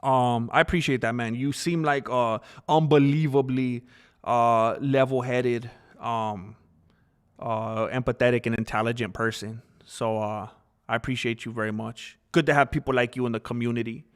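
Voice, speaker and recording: Halting, chatty man streaming live. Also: mid-range voice, steady tone, clear, resonant tone. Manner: halting, with restarts and fillers; earnest and talkative. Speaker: live-stream host reading chat. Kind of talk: casual live-stream chat.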